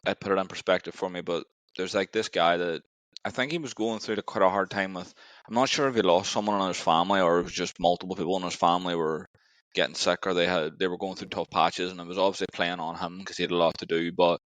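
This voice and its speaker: A man's voice: deep voice, fairly even intonation, fast, a bit bright, dry recording, rough recording. A man hosting a conversational podcast, telling an anecdote casually with many fillers. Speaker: podcast host. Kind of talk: interview conversation.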